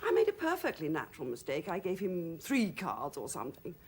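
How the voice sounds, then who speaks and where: A woman's voice: low voice, wildly swooping pitch, brisk, breathy edge, exaggerated voice. An actress playing a brash, tipsy society woman in a period television drama, gushing in affected upper-class chatter.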